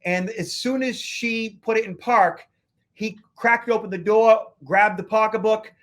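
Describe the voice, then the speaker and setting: Speaking at a measured pace with fairly even intonation, this man has a high-pitched, slightly bright voice. He's a Boston-area security consultant who co-hosts a podcast, telling a long travel story in a loose, rambling way filled with fillers.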